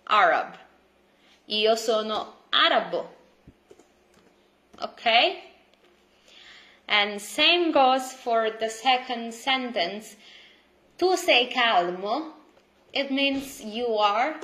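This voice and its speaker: Woman, language teacher, slow, fairly high voice, patient, repeats and stresses words. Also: pushed and bright. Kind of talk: slow, clear online language lesson.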